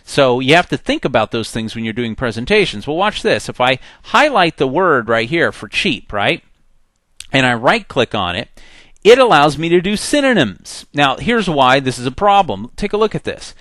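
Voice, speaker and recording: A man teaching a software tutorial in a chatty way, acting out the program's messages in little voices. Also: mid-range voice, very animated, moderate pace, no echo. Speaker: software instructor. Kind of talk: screen-recorded software tutorial.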